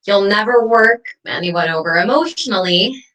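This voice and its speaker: A woman acting as a vengeful ghost who haunts her ex, taunting them with sharp, mocking wordplay in a comedy sketch. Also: medium pitch, lively intonation, moderate pace, far from the mic, close to an everyday voice, rough recording.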